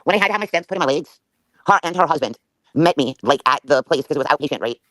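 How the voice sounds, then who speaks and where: A woman's voice: deep voice, animated, fairly bright tone, no echo. A woman talking as a guest on a livestream, emotional and swearing freely in heated conversation. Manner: rapid, profane and emotional.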